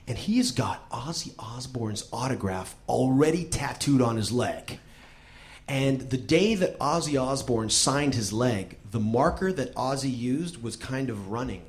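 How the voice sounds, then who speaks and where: A man hosting a show, telling a comic story in a profane, animated way and acting out the people in it. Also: medium pitch. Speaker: host. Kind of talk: comic spoken-word storytelling.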